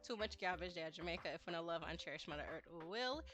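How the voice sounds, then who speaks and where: A man's voice: a little high, animated, quick pace, pushed and bright, faint music behind. A woman voicing a male Rasta man character, reading his patois lines aloud from a game. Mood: earnest.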